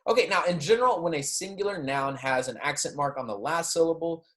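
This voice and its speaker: This recorded classroom lecture features a man teaching Spanish grammar with a slightly high, fairly bright voice. He explains patiently, checks in often with "okay?" and "right?", and says the Spanish examples slowly and clearly.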